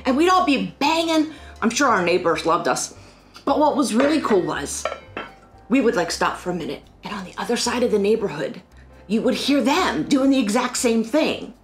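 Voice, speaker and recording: A middle-aged woman from Pennsylvania chatting casually about family holiday memories in a rambling, animated way. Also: medium pitch, moderate pace, soft background music. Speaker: financial firm staff. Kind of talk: casual personal storytelling.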